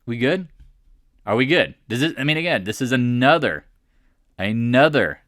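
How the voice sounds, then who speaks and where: A man talking through market charts in a blunt, mocking way, full of rhetorical questions. His voice sits at a middle pitch, and it is recorded close and dry with no room sound. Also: lively intonation, normal speed, long pauses, fairly bright tone, no echo. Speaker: market commentator. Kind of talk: casual chart commentary.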